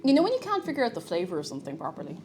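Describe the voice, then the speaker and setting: Her fairly low, darkish voice races along with huge swings in pitch, over soft background music. The streamer chats with viewers in a casual, self-mocking way as she bakes in her home kitchen.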